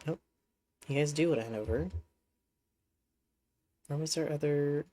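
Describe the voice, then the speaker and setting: A man's voice: fairly high pitch, measured pace, dark tone. A man streaming a horse game, talking casually to his horses in a rambling, chatty way, with a congested voice. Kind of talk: casual gameplay commentary.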